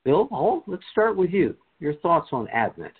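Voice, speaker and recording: A man hosting a scripture discussion podcast, reading scripture aloud in a measured, deliberate way and leading the talk. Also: fairly high pitch, very animated, slightly rough. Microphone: video call. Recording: tinny phone-like line.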